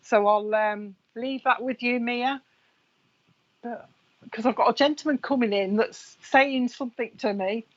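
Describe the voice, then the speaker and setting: A woman giving a live mediumship reading in a fairly high voice. She chats easily, passes on messages to viewers by name and laughs often. The stream audio sounds dull and lo-fi. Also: steady tone, unhurried. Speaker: psychic medium.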